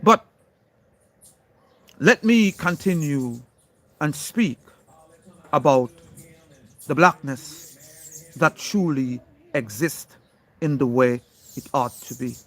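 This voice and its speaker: Taking it slowly with long pauses, a man with a medium-pitched, fairly bright voice addresses an unseen critic directly. His monologue is impassioned and preachy, emphatically stressing individual words.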